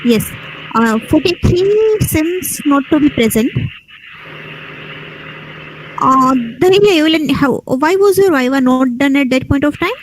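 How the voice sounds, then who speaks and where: A woman teacher, firing brisk, probing questions at students in an oral lab exam over a video call. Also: high-pitched, animated, slight background noise, rough recording. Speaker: teacher conducting a lab viva.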